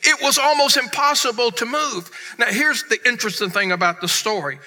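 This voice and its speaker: With a very high, strikingly bright voice, a pastor gives an emphatic, brisk sermon. He alternates between loud outbursts and quiet, low stretches.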